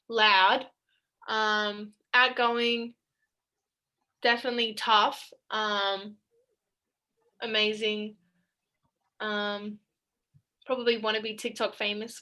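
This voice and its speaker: A woman's voice: on the high side, pushed and bright, low-quality recording. A young Australian woman, a college basketball player, chatting in a video call interview and laughing often between sentences. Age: young adult.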